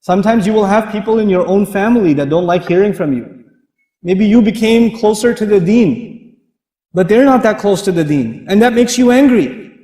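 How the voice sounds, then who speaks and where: A man giving a lively Islamic lecture, an animated storyteller who laughs often as he talks. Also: high-pitched, moderate pace. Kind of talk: lively sermon with humorous stories. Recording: echoey hall reverb.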